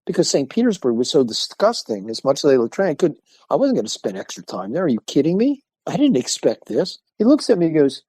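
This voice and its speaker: An older man, a martial arts instructor, telling lively stories in a podcast interview and acting out the people he quotes. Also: a little high, fairly quick, slightly rough, no room sound. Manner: animated storyteller acting out quoted voices.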